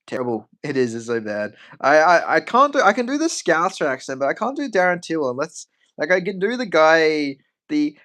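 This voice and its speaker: A man's voice: mid-range voice, lively intonation, a little fast, hardly any pauses, a bit bright. A man chatting casually on a stream. He rambles, swears freely and answers questions from chat.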